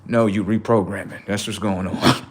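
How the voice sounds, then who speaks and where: A man hosting a livestream, telling casual stories to his viewers in an animated way, swearing freely and acting out voices. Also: fairly low pitch, normal speed, slight background noise. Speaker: livestream host.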